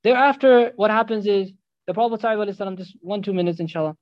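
Male preacher, high voice, very fast delivery, storytelling sermon with recitation, dry close sound. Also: no room sound, muffled recording.

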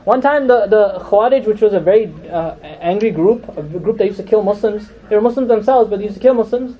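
A man giving a storytelling sermon as a religious lecturer. He is animated, acts out the quotes, and keeps asking "you know?" and "right?". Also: sits high, brisk. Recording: dull lo-fi recording.

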